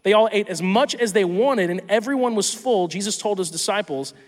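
A tired male pastor preaching a sermon in a conversational, animated way, often acting out imagined dialogues. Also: high-pitched, brisk, big-room sound. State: tired from little sleep.

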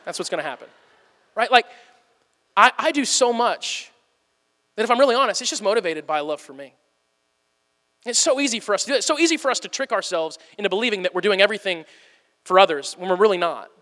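A man's voice: high voice, expressive, fast talker, pauses often, pushed and bright, in a large hall. A young man preaching a sermon as pastor, candid and self-deprecating, acting out little everyday scenes.

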